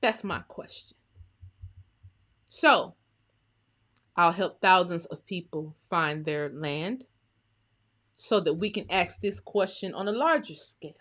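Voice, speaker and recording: A woman hosting a live stream as a historian, greeting viewers by name in a lively, chatty way before turning to a serious talk. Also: lowish voice, slow pace, long pauses. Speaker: livestream host and historian.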